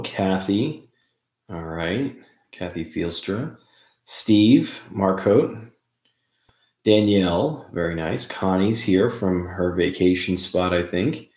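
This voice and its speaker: A man hosting a casual live stream, chatting in a relaxed way and greeting viewers by name. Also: sits low. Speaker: livestream host. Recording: roomy, echoey room sound.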